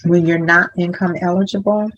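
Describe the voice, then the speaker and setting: A woman hospital social worker, a guest in a conversational interview, explaining things in a measured way with some fillers. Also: fairly low pitch, fairly even intonation, a bit bright, highs cut off.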